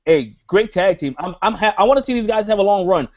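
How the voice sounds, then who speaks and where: A man's voice: sits high, expressive, fast. Hyped man opening a podcast. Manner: hype announcer, repeats phrases. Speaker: podcast host. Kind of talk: show-opening podcast chat. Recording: dull lo-fi call audio.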